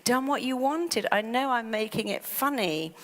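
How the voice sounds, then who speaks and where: A woman giving a motivational talk who acts out the mind's inner voice in an animated way. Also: fairly high pitch, moderate pace. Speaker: therapist and speaker. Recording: long hall reverb.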